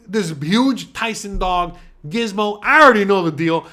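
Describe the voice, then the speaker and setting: Animated high-voiced man telling a story. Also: moderate pace. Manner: animated, profane, acts out dogs and his own shouts. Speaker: podcast host. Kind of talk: casual storytelling.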